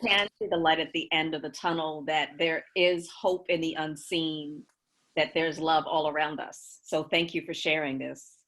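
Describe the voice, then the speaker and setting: A woman interviewing for an oral history, asking gentle prompting questions and affirming the speaker. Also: sits low, fairly even intonation, normal speed. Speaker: interviewer, academic.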